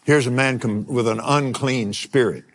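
An older man preaching a sermon, telling a personal story in an animated way and chuckling now and then. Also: mid-range voice, normal speed, slight background noise.

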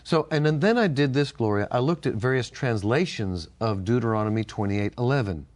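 An older man from the United States co-hosts a faith-based talk show. His voice swings widely in pitch as he tells animated stories. He laughs easily and often as he talks. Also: a little fast. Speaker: co-host of a Christian talk show. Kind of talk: casual faith-based chat.

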